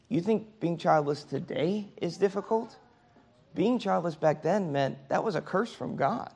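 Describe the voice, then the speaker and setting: Gravelly man teaching Sunday school. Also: high-pitched, lively intonation, measured pace, darkish tone. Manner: conversational, often checks in with "okay?" and "right?". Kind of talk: Bible class teaching.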